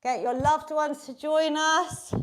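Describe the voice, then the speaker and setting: High-voiced, unhurried woman fitness instructor. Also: steady tone. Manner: upbeat, encouraging coaching cues. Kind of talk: live online workout class instruction.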